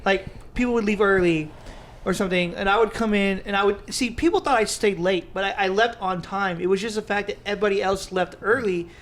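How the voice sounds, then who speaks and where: Male podcast co-host, high-pitched, rambling storyteller, casual chat. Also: brisk, fairly bright tone. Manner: laughs often, rambling storyteller. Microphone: studio mic under bright lights.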